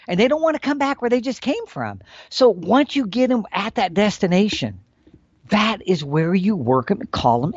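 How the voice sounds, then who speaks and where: A man explaining elk calling tactics in a folksy, animated storytelling manner. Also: high voice, no room sound, lo-fi sound. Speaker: elk hunting instructor.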